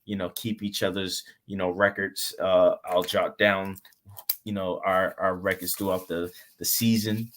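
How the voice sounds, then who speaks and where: A man's voice: low voice, flat delivery, measured pace, fairly bright tone, slight background noise. A young man hosting a casual sports chat, laid-back, laughing often and tossing in "man" at the end of sentences. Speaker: podcast host.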